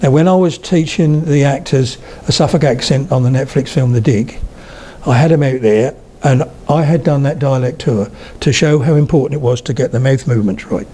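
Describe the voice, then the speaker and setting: A man's voice: mid-range voice, normal speed, mellow. An older man giving a humorous public talk on regional accents, telling anecdotes and demonstrating mouth shapes. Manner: storytelling, demonstrates accents, chatty asides. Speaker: lecturer on accents. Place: hall with a live audience.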